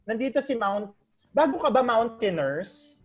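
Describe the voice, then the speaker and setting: A woman's voice: on the high side, animated, normal speed, faint music behind. A woman with a Filipino accent co-hosting a casual online chat show, teasing and playful, mixing English and Tagalog. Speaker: co-host.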